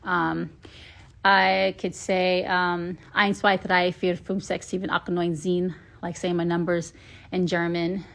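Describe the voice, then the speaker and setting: A woman from Atlanta, Georgia, hosts a casual live stream, talking straight into her phone. Her voice sits a little low, and her tone stays chatty and playful, with plenty of filler ums between her thoughts. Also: level tone, slow, gravelly, a bit bright.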